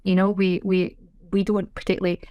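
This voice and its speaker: A woman's voice: medium pitch, brisk, clean tone, no room sound. Chatty Scottish woman, dry close mic. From Scotland. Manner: chatty, self-deprecating, animated storyteller. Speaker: guest, sign language interpreter. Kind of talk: casual interview chat.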